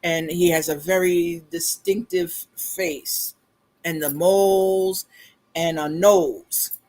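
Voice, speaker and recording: A middle-aged woman hosting a casual livestream, telling a family story in a chatty, animated way, laughing along and calling her viewers y'all. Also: fairly low pitch, slow. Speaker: beauty consultant livestream host.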